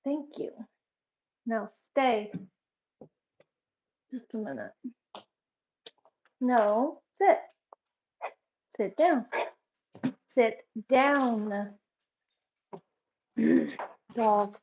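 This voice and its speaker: A woman's voice: fairly high pitch, huge pitch swings, very slow, pauses often, a little mellow, muffled recording, a little hiss or hum. A woman vlogging at home, giving firm, repeated commands to her dogs between remarks to the camera. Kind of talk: casual home vlog. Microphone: camera set up in the room.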